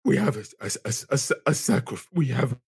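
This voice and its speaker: A man's voice: medium pitch, very animated, fairly quick, heavily acted. A man voicing a frantic, rambling male occultist who stammers and repeats himself. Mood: pleading. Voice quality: very raspy and gravelly. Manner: stammering, repeating himself, pleading then yelling.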